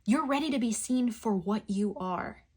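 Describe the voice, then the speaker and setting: Woman, tarot card reader, soft and effusive, spiritual, pick-a-card reading. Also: on the high side, normal speed, breathy edge.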